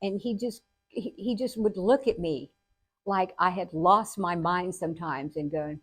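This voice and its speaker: An older woman hosting a show, telling personal stories in a casual, animated way. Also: fairly low pitch, a little slow, breathy edge, no echo. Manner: animated, acts out quotes with laughter. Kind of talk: casual storytelling.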